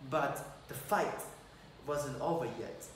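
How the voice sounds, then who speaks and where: A teenage male student reading a children's story aloud, slow and halting, often correcting himself. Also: mid-range voice. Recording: echoey room, distant mic, faint noise.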